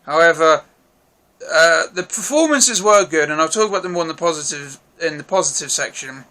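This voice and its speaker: A man with a high voice talks through a film review in a loose, rambling way. His tone is bright and forward. He is blunt, swears casually, and keeps hedging in case he has missed something. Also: lively intonation, a little fast. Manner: rambling, frank, apologetic hedging.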